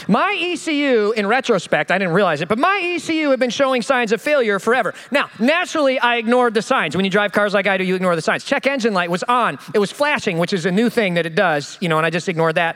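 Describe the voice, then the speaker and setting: A man's voice: extremely high pitch, fairly bright tone. A man, preaching a sermon as a jokey, self-deprecating storyteller. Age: 30s. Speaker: pastor.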